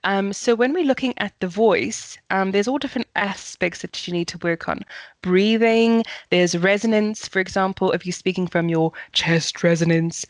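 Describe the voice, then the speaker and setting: A woman's voice: medium pitch, normal speed, no room sound. South African female communications coach, explains patiently and demonstrates, dry recording. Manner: explanatory, demonstrates intonation examples. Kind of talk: podcast interview, explaining.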